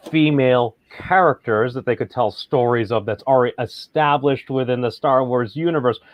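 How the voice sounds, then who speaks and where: A man's voice: mid-range voice, normal speed, dry recording, muffled recording. A man co-hosting a casual chat, rambling and hedging with lots of filler words. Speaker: podcast co-host.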